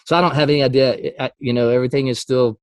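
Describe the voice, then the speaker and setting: Animated male storyteller, dry sound. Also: fast, no echo. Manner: animated storyteller, acts out quotes with big pitch jumps, laughs often. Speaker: Christian music artist guest. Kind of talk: casual interview storytelling.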